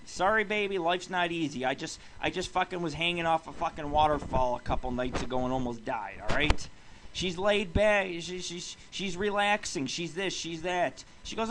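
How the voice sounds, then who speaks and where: A man's voice: fairly high pitch, moderate pace. A male radio host ranting crudely and mockingly while reading out a personal ad, full of swearing and rambling asides. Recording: loud background noise.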